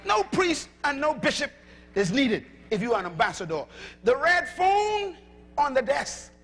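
A male preacher delivering a sermon emphatically, calling out to the congregation and shouting at peaks. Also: very high voice, sing-song, measured pace, soft background music. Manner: emphatic, calls to audience.

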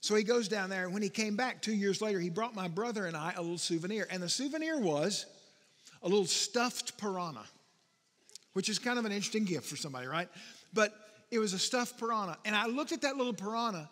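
Middle-aged man pastor, high voice, talky sermon, long hall echo. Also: lively intonation, a bit bright. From Texas. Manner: conversational, asks congregation questions, stretches key words slowly. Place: church sanctuary. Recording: long church reverb.

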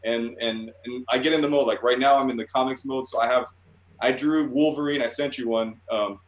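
A guest artist with a mid-range voice talks casually and briskly in an interview, keeping a steady tone. He rambles, swears, and often restarts his sentences. The recording has a roomy echo.

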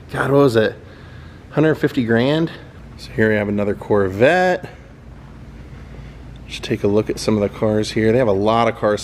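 A man's voice: fairly low pitch, a little mellow, slight background noise. A man giving a casual, admiring walking tour of a car museum, thinking aloud as he goes. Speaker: vlogger touring a car museum.

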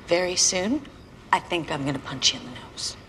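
A woman's voice: fairly low pitch, lively intonation, brisk, sharp tone, a little hiss or hum. An actress playing a tough, exasperated female police team leader in a TV drama, blunt and dry. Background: film score music.

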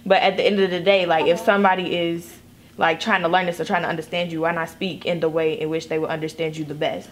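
A woman's voice: on the low side, level tone, quick pace, slight background noise. A young woman student panelist in a casual discussion, circling her point with hesitant restarts. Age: young adult.

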